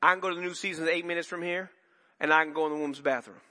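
Bright-voiced male pastor in a reverberant church. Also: a little high, steady tone, racing. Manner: conversational, rambling with repeated restarts and asides. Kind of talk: sermon. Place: church sanctuary.

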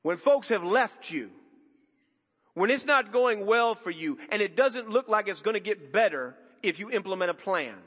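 A man preaching a sermon as pastor, emphatic and conversational with dramatic pauses, in a church sanctuary. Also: sits high, lively intonation, bright, forceful tone, slightly rough, big-room sound.

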